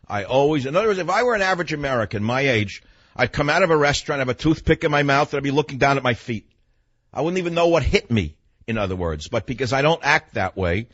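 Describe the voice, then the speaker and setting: Blunt, husky older radio host. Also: male voice, mid-range voice, dry recording, lo-fi sound. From New York. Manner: blunt, emphatic, animated storytelling. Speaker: radio talk show host. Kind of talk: monologue storytelling.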